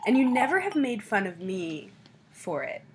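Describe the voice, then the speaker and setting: A woman's voice: medium pitch, sing-song, moderate pace, a little mellow, slight background noise. A young woman co-hosting a podcast, chatting casually over wine in a jokey, teasing way. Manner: jokey, teasing, laughs often. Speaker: podcast co-host.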